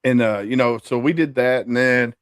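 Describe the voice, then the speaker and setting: A man's voice: medium pitch, fairly even intonation, normal speed, smooth, no echo, clean studio sound. A man, an ex-Marine guest telling his story in an easygoing way. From Kentucky. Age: 40s. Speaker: podcast guest, Marine veteran. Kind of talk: casual interview storytelling.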